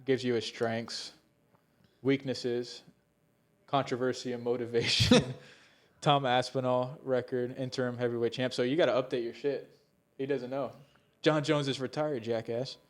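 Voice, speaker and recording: A man's voice: mid-range voice, level tone, normal speed. A young man co-hosting a casual podcast chat, rambling and swearing often, with laughs slipping into his sentences. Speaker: podcast co-host.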